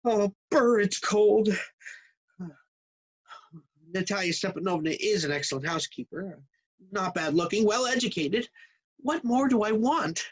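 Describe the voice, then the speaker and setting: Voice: mid-range voice, animated, a little slow, long pauses, husky, poor audio. A performer playing a flustered, hypochondriac male suitor in his thirties, stammering and hesitant. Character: nervous, hypochondriac 35-year-old male suitor. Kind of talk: stage acting.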